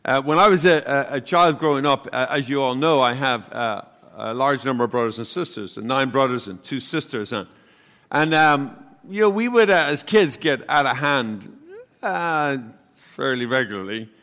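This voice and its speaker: A man giving a homily, telling a family story in a chatty, halting way and acting out the voices in it. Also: medium pitch, a bit bright. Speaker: priest. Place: church. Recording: long hall reverb.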